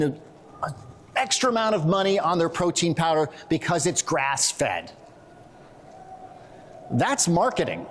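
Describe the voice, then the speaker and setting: A man's voice: fairly high pitch, a bit bright. A middle-aged man giving a blunt, joking conference lecture on training and nutrition. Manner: blunt, joking, self-deprecating. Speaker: strength and conditioning coach. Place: conference hall stage.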